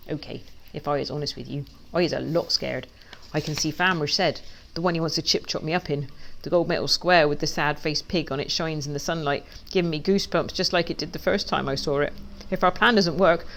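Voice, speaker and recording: A woman, a children's author, reading her storybook aloud in a lively, playful way. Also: on the low side.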